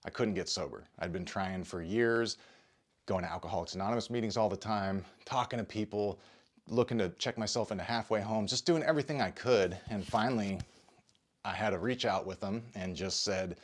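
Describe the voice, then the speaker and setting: A man with a deep, low voice speaks earnestly to the camera about his own struggles. He talks in a confessional way, halting and restarting as emotion catches him. He sounds slightly short of breath. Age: adult parent. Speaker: video creator and podcaster. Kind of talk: personal testimony to camera.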